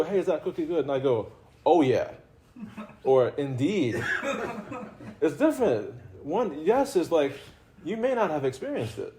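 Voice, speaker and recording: Male religious teacher, warm mellow tone, playful conversational delivery with frequent laughs. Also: on the high side. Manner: conversational and playful, laughs often, repeats himself. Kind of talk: informal spiritual talk to a live audience.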